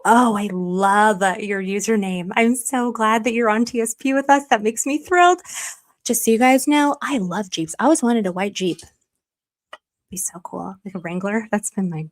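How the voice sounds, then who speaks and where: Hosting a casual livestream, a woman reads out viewer super chats in a gushing, emotional manner, often restarting and trailing off into a whisper. Her voice is mid-range, and there's no echo.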